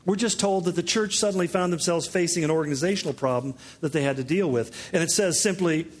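A pastor preaching a conversational sermon, teaching with joking asides. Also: male voice, a little high, fast talker.

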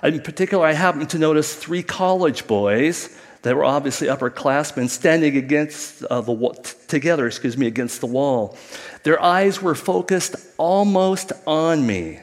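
A man's voice: fairly high pitch, lively intonation, moderate pace, long reverb tail. A middle-aged man preaching a sermon, telling a family story in a conversational way with asides to the congregation. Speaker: pastor.

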